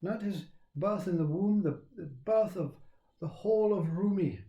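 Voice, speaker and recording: A man giving a slow, reflective spiritual talk on self-inquiry, repeating phrases as he teaches. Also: high-pitched, warm tone, reverberant, highs cut off.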